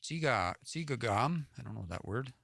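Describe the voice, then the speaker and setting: Gravelly and fairly bright, his mid-range voice is animated and moves at a moderate pace. He's a livestream host from around Edmonton, Alberta, Canada who reads Cree stories aloud, translates them word by word, and works through words he's unsure of. No echo, studio quality.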